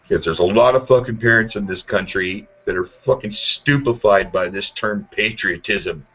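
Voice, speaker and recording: A man's voice: lowish voice, moderate pace, fairly bright tone, slightly rough. A man hosting a show, ranting angrily and sarcastically with constant swearing. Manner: angry, heavy swearing, sarcastic. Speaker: podcast host. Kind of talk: profane political rant. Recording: muffled lo-fi audio.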